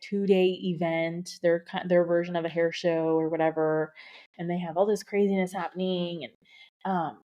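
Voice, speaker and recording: A woman's voice: fairly low pitch, moderate pace. Breathless, gushing woman podcast host. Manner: excited, gushing, lots of "like" fillers. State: a bit out of breath. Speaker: podcast host, beauty industry coach. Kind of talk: solo podcast monologue. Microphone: podcast microphone.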